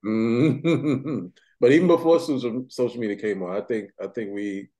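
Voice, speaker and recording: A man's voice: mid-range voice, moderate pace, dark tone. A man co-hosting a podcast, talking in a slangy, emphatic way and often repeating words. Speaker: podcast co-host. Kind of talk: casual chat.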